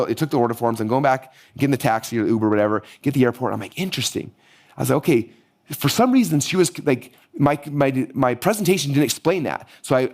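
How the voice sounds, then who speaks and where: A man in his forties tells a business story at a very fast clip. His mid-range voice jumps up whenever he acts out what people said. He sounds eager and animated throughout. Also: medium pitch. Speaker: business coach teaching marketing. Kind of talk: energetic teaching monologue with storytelling.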